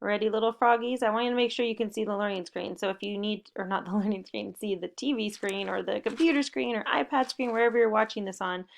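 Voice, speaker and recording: A woman's voice: mid-range voice, steady tone, fast, creaky, few pauses. A woman teaching a spelling lesson to young children, giving upbeat and encouraging step-by-step instructions. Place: home recording.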